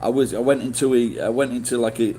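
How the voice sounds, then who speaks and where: A man's voice: mid-range voice, steady tone, quick pace, dark tone, a little hiss or hum. A middle-aged man telling rambling stories to his stream chat, swearing often and restarting his sentences. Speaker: livestreamer. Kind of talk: casual storytelling to chat.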